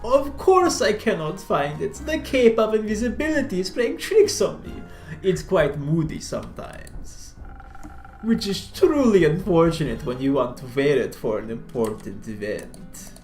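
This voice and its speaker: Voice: mid-range voice, very animated, a little slow, darkish tone, roomy sound, faint music behind. A streamer doing a pompous, fussy vampire man. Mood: theatrical. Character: dramatic fussy male vampire who lost his cape. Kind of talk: reading game dialogue aloud.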